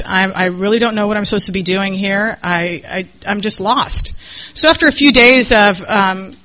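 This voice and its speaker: A middle-aged woman with a bright, sharp-edged voice tells her recovery story candidly. She acts out the people in her story and laughs through the hardest parts. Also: mid-range voice, rough recording. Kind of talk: personal recovery testimony.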